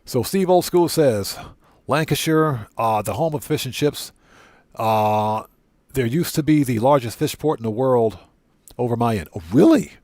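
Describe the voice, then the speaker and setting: A man's voice: medium pitch, measured pace, a little mellow, dry recording. A man livestreaming a video game, chatting casually with viewers and repeating himself for emphasis. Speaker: streamer.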